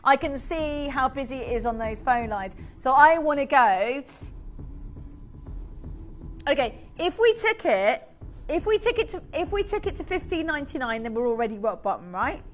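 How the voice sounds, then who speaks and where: A woman presenting on a live shopping channel, chatty and excitable, laughing often and reading out buyers' names. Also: high-pitched, normal speed. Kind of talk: live TV sales pitch.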